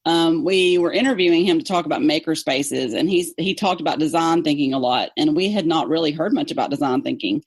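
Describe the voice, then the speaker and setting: A woman with a Southern accent, an English teacher chatting in an interview, talkative and quick to laugh. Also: low voice, husky, no room sound. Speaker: English teacher, podcast co-host guest. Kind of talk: casual interview chat.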